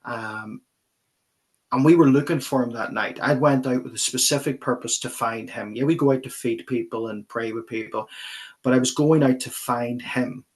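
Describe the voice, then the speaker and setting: A pastor, speaking at a mid-range pitch. He recounts a personal story in earnest, vivid detail as a guest on an interview show. His delivery is that of a middle-aged man talking plainly and sincerely. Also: normal speed.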